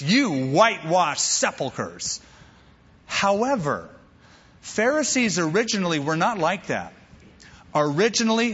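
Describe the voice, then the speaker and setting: A man preaching a sermon, animated and talking straight to the congregation. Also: on the high side, husky, big-room sound, dull audio. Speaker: pastor.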